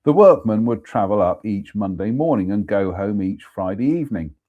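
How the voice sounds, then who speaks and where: A man's voice: fairly low pitch, lively intonation, normal speed, narrow, tinny audio. A man hosting a live show, reading a ghost story aloud steadily with the odd apologetic aside. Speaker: storyteller host.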